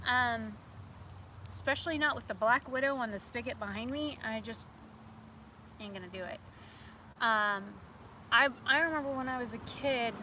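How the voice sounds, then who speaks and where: A woman vlogger, chatting outdoors and telling an animated story. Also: on the high side, a little hiss or hum. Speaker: beauty vlogger. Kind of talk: casual storytelling vlog. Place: outdoors near a house.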